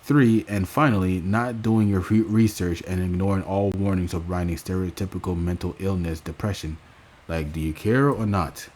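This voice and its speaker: A young man with a very low, deep voice rants casually to his viewers. He stumbles through restarts and fillers and swears freely as he goes. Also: fairly even intonation, normal speed, a little mellow. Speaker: YouTube commentator. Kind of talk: casual reaction rant.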